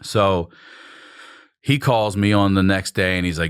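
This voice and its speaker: A middle-aged man telling a wild story in casual chat, profane and animated, acting out the voices of the people in it. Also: deep voice, measured pace, clean tone, no room sound, clean studio sound. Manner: animated, profane, acts out voices in his stories. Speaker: comedian telling a story on his podcast.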